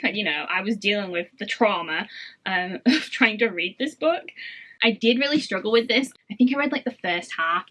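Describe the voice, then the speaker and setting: A young woman chats to camera about the books she loves, gushing and enthusiastic with plenty of fillers. Her voice is bright and forward, with middling pitch. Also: rough recording. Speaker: book reviewer. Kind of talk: casual chat to camera.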